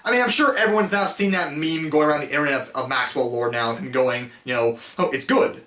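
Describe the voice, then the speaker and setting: A man with a high-leaning, sharp voice and quick pace hosts a casual film review show. He rambles with many fillers and restarts and laughs often, recorded on an echoey, distant mic.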